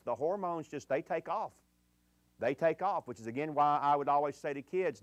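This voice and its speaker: A middle-aged man preaches to a gathering about marriage and dating, earnestly telling stories and dropping low and quiet during the sad parts. There's no room sound.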